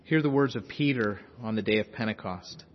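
A man preaching a sermon as pastor, swinging between loud urgency and hushed, intense passages. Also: on the low side, brisk, big-room sound, lo-fi sound, a little hiss or hum.

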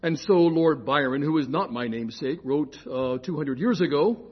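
An older man lecturing on scripture in a chatty, digressive classroom way, often correcting himself and slowing to spell out key terms. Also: on the high side, lively intonation, breathy edge, highs cut off.

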